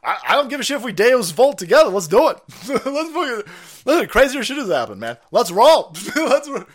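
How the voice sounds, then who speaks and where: A man hosting a livestream, ranting in profane, mocking commentary and swinging between loud outbursts and low mutters. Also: sing-song, a little fast. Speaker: livestream host.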